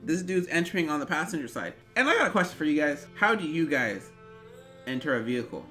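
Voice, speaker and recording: Young man, storytime vlog, rambling and animated, bright forceful voice, soft guitar music behind. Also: fairly high pitch, quick pace. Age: 20s. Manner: animated, rambling, bursts into yelps. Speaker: vlogger.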